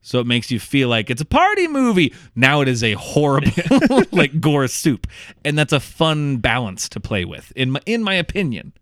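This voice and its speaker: Animated man chatting about movies. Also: medium pitch, normal speed, no room sound, clean studio sound. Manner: animated, rambling, laughing. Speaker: podcast co-host. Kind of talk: casual movie review chat.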